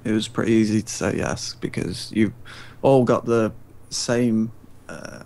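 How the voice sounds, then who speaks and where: A man appearing as a guest in a live Q&A, explaining things in a relaxed, easygoing way. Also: fairly low pitch, a little slow, creaky. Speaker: guest, forum representative. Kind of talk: casual live Q&A chat.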